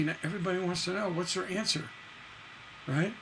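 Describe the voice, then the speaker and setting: Middle-aged guy teaching songwriting, kinda high voice, punchy, sings bits of lyrics, faint hum behind. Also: moderate pace, vocal fry, poor audio. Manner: lively, emphatic teaching, sings and recites lyric lines. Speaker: songwriting instructor. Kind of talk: livestream songwriting lesson.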